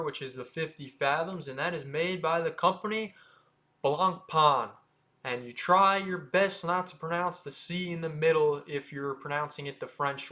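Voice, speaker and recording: An American man hosting a watch channel, casually explaining how to say brand names, sounding them out slowly with offhand asides. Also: fairly high pitch, sharp tone. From United States. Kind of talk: casual explainer talking to camera.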